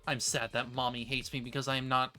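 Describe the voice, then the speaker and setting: Sad child aching for mother's love, bright voice, faint music behind, read aloud by a streamer. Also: medium pitch, fairly quick, natural voice. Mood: quietly resigned. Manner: reading game dialogue aloud in a calm, matter-of-fact way. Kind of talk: reading game text aloud.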